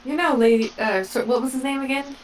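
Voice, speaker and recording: A woman's voice: sits high, fairly quick, recorded from a distance, crowd noise, rough recording. A woman player talking in character in a tabletop game, sassy and exasperated. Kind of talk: in-character role-play.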